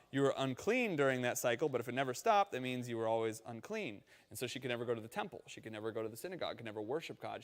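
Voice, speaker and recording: A man preaching a sermon in a conversational, animated storytelling manner, acting out quotes along the way. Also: medium pitch, in a large hall. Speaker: pastor.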